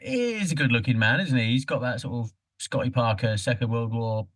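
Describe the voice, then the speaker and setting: A man's voice: mid-range voice, lively intonation, a little fast, fairly bright tone, no echo. A man co-hosting a casual podcast chat, playful and teasing, swearing freely. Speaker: podcast co-host.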